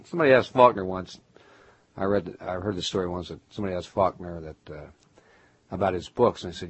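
A middle-aged man from Baltimore, a writer being interviewed, musing in a halting way with many restarts. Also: sits low, husky, no room sound, low-quality recording. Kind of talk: reflective conversational interview.

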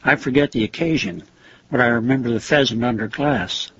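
An older man, a former teacher, recalling old acquaintances in an interview, halting with fillers and soft chuckles. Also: mid-range voice, slightly rough, dry recording. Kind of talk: reminiscing interview. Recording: dull lo-fi recording.

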